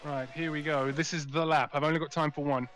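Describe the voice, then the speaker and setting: A man co-commentating on an esports race while he drives in it. His voice sits a touch high and he reacts aloud to each moment on track. He cheerfully mocks his own mistakes. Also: fairly even intonation, fairly quick, fairly bright tone. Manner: reacts aloud while driving, self-mocking. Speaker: co-commentator racing live.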